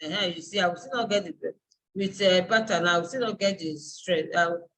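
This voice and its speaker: A woman's voice: lowish voice, moderate pace, fairly bright tone, low-quality recording. A woman university lecturer and dean giving a live online class, explaining step by step and searching aloud for terms.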